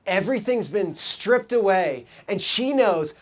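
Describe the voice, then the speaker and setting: A man preaching a sermon as pastor, telling stories with lively quoted voices and asking the congregation reflective questions. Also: a little high, unhurried. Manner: animated storytelling, quoting people in raised voices.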